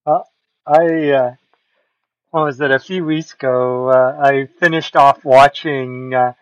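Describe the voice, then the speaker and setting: A man co-hosting a casual podcast, talking in a relaxed, hesitant way with many fillers. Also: medium pitch, slow pace, dry recording, highs cut off. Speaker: podcast co-host.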